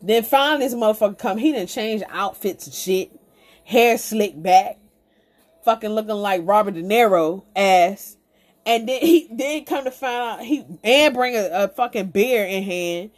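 A woman's voice: medium pitch, unhurried. A woman host telling a comic story in a casual, profane and exasperated way. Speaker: podcast host.

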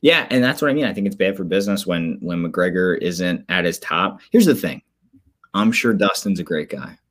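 A man co-hosting a podcast, chatting casually about sports with animated storytelling and quick asides. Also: deep voice. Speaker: podcast co-host.

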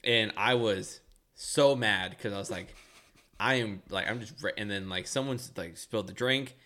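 A young man chats on a podcast with a somewhat low voice. He tells long, rambling stories, full of swearing and laughter. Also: moderate pace, bright, forceful tone. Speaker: podcast co-host. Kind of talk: casual chat.

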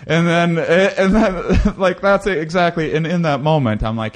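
A man talking casually in a rambling way, with many restarts, who acts out quotes in a high excited voice. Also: moderate pace, hardly any pauses. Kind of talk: casual conversation.

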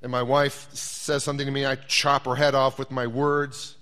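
Man, pastor, sermon, candid self-deprecating storytelling, mid pitch. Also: level tone, normal speed, pushed and bright.

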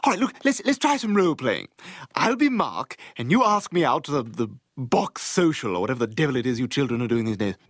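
A man's voice: mid-range voice, big pitch swings, no room sound, studio quality. A man voicing a posh cartoon baby boy who plays a condescending therapist. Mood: coaxing. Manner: condescending, brisk counselor tone. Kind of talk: cartoon voice acting.

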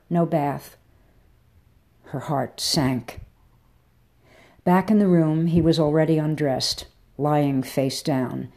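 Slow, low-voiced woman narrator. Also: darkish tone. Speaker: reader. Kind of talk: audiobook narration.

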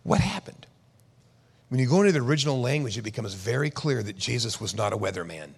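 Gravelly preacher in an echoing hall. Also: male voice, mid-range voice. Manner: dramatic swings from loud to hushed, acts out quoted voices. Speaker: pastor. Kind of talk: sermon. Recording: reverberant church hall.

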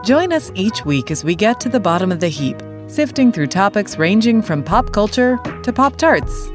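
A woman's voice: medium pitch, very animated, moderate pace. A woman reading a scripted podcast intro with a punchy, mock-grand delivery. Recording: voice over loud music.

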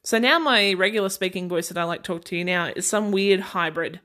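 A woman's voice: on the low side, fairly quick, fairly bright tone. An Australian woman hosting a podcast, talking casually on her own in a chatty, sarcastic way and laughing often. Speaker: podcast host. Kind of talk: casual solo chat.

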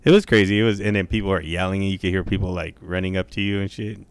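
A young man telling stories in a relaxed, slangy casual chat. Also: deep voice, fast talker, smooth, no room sound. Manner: relaxed storyteller, slangy, says dude and dope.

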